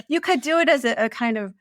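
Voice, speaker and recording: Chatty woman with a slightly high voice. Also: no echo, clean studio sound. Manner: chatty, laughs easily, recalls stories. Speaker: podcast co-host, former escort. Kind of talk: casual chat.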